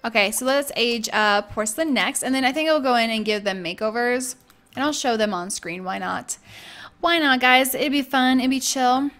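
A woman's voice: a little high, normal speed, fairly bright tone, faint music behind. A young woman giving casual, bubbly let's-play commentary, gushing and chatting with her viewers and characters. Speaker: gaming YouTuber.

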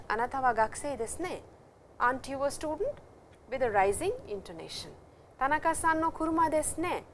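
A middle-aged woman with an Indian English accent giving a patient, explanatory classroom lecture, repeating terms slowly. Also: fairly high pitch, fairly bright tone, a little hiss or hum. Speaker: Japanese language teacher.

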